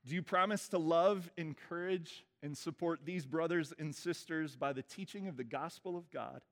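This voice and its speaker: A man as pastor, leading a baptism liturgy with relaxed, informal asides between the formal vows. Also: fairly high pitch, moderate pace. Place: church sanctuary. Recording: reverberant church hall.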